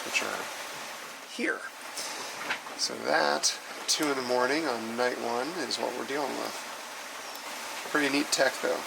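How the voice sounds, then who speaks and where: A man hosting a sailing vlog. He talks casually in a relaxed way and explains things plainly. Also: medium pitch, gravelly, heavy background noise. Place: outdoors on a sailboat at sea.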